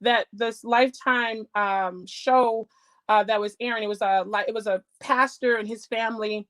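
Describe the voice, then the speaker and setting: Animated woman telling her testimony. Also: on the high side, moderate pace. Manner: animated storytelling, acts out quoted voices. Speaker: guest. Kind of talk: testimony in casual talk.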